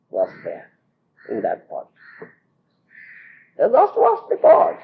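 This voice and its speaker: A man's voice: very high-pitched, huge pitch swings, takes it slowly, gravelly, pauses often, slight background noise. A man with an Indian English accent giving a storytelling scripture lecture as a spiritual teacher, often checking whether listeners understand. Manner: checks understanding often, laughs while telling. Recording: muffled lo-fi tape.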